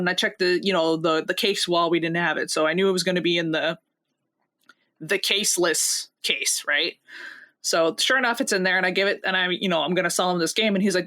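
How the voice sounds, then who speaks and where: A young woman co-hosting a casual podcast, retelling a workplace story with constant swearing and animated quotes. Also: lowish voice, fast talker. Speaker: podcast co-host.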